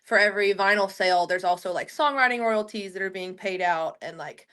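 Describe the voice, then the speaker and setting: Speaking a little quickly, a young Oklahoma woman who sings country has a medium-pitched voice that sounds fairly bright and clean. She's a chatty interview guest whose rambling tales are full of "like."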